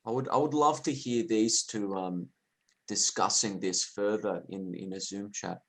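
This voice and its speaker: A man hosting a casual group video chat, asking relaxed, drawn-out questions. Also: lowish voice.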